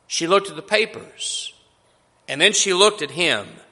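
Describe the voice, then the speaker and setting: Slow, bright-voiced male preacher. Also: sits high, long reverb tail. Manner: slow, deliberate storytelling with emphatic pauses. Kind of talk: sermon.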